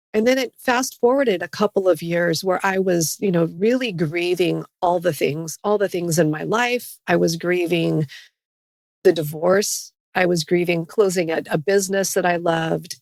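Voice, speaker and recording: Middle-aged woman, podcast guest, earnest testimony, gravelly low voice. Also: no echo, studio quality. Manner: earnest, faith-based testimony. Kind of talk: personal story in a podcast interview.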